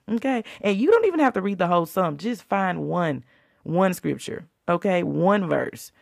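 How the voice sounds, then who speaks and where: A woman hosts a faith podcast in a fervent, preacherly, down-to-earth style. Her voice sits low with a gravelly edge, and the sound is close and dry. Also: lively intonation, normal speed, no room sound. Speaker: podcast host.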